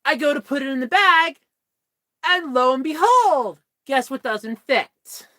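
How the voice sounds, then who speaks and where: Animated high-voiced young woman. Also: measured pace, no room sound. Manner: animated, exasperated retelling. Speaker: vlogger. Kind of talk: casual chat storytelling.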